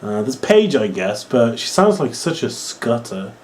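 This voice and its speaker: A young man from England with a Norwich accent, rambling excitedly and swearing as he reviews a wrestling show. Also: mid-range voice, unhurried. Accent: Norwich English. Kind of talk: casual video review.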